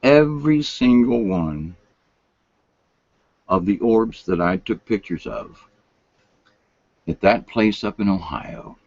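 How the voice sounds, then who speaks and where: Older man, folksy late-night rambler, pitch rises and falls a lot, dry close sound. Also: sing-song, slow pace, pauses often, a little mellow, dry recording. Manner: folksy, meandering, drops to whispers. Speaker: vlogger. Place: home room, lights turned down. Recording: dull lo-fi sound.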